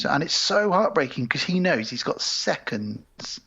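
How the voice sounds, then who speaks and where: A man's voice: fairly high pitch, very animated, moderate pace, hardly any pauses, bright, forceful tone, husky, lo-fi sound. A man co-hosting a podcast, recapping film scenes in casual chat and acting out the characters' lines. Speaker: podcast co-host.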